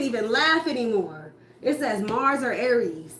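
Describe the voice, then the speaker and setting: A woman's voice: on the high side, expressive, takes it slowly, few pauses, a bit bright. A woman giving a casual tarot reading, blunt and profane, firing off rhetorical questions as she rants about what the cards show. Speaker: tarot reader. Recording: echoey room with faint noise.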